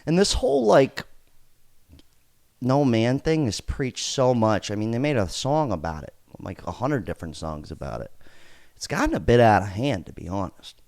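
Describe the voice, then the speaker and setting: A man's voice: mid-range voice, moderate pace, creaky, dry recording. A man hosting a podcast, reacting to clips with casual joking commentary and frequent laughter. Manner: joking, laughs often, animated. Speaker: podcast host.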